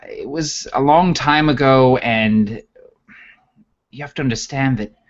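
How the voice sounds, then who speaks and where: A man's voice: mid-range voice, measured pace, voice pushed up, natural voice. A man voicing a polite, apologetic little companion who speaks hesitantly, on a muffled recording. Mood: sheepish.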